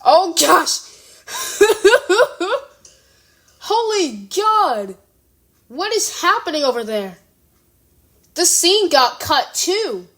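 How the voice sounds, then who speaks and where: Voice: high voice, sing-song, slow pace, pushed and bright. A young speaker at home, giving a casual reaction commentary, often giggling and exclaiming in surprise, rambling and correcting themselves. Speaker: reaction video creator. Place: room at home.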